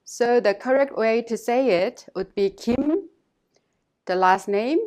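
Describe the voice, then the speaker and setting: Careful woman language teacher, fairly high voice. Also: darkish tone. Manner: slow, careful, instructive delivery with repeated model phrases. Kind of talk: scripted lesson narration.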